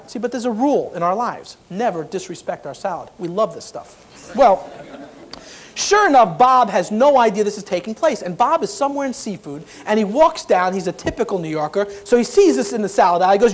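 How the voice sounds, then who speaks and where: A man's voice: high-pitched, expressive, fast. A man giving a humorous keynote talk as a motivational speaker, acting out the people in his story.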